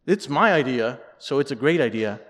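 A man's voice: medium pitch, lively intonation, normal speed, fairly bright tone, natural voice. A man voicing an arrogant male boss who is dismissive and self-important. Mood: smug. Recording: long reverb in a large hall.

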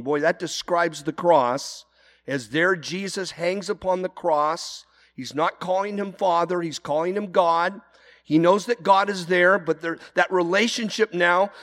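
A man's voice: high voice, a bit bright, big-room sound. A man preaching an earnest sermon, his voice rising into emphatic cries. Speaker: pastor.

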